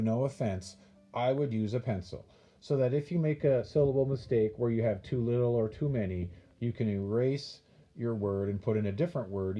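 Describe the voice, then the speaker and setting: A man's voice: mid-range voice, mellow. A man teaching a classroom lesson, patiently repeating points and counting things out step by step.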